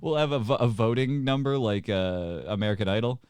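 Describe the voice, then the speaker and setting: A man's voice: mid-range voice, a little fast, a little mellow, clear, resonant tone, no echo. A man co-hosting a comedy podcast over a remote call, firing back dry, teasing comebacks. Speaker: podcast co-host. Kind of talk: casual comedic banter.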